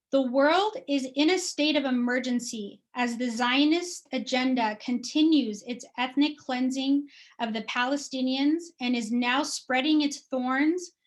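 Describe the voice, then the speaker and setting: A woman with a high voice reads a prepared activist statement aloud. She speaks in an emphatic, declarative way, and each demand lands firmly and evenly. Her high pitch carries the measured, resolute lines.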